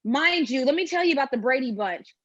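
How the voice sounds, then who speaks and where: A woman hosting a casual podcast, telling a family story in an animated way and acting out what people said. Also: sits high, a little fast, no room sound, highs cut off. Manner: animated storytelling, acts out quotes. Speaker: podcast host. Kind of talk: casual chat.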